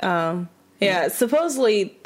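A woman's voice: mid-range voice, lively intonation, slow pace. A woman co-hosting a podcast in casual chat, laughing easily and answering with frequent short agreements. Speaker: podcast co-host.

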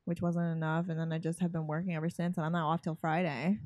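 A woman's voice: low-pitched, flat delivery, quick pace, darkish tone, no room sound. A woman from Atlanta, co-hosting a casual chat and rambling with many fillers. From Atlanta, USA. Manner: rambling, many fillers and restarts, laughs easily. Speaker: podcast co-host.

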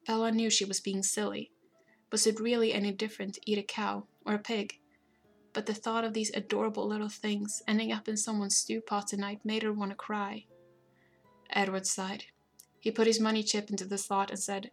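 Woman narrating a story in an even tone. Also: medium pitch, normal speed, gravelly, soft background music. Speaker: audiobook narrator. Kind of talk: scripted narration.

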